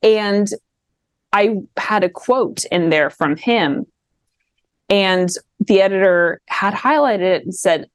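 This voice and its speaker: A woman with a faint Midwestern accent, a podcast guest talking politics in rapid, animated bursts with frequent restarts. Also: mid-range voice, clean tone, no room sound. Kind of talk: casual political chat.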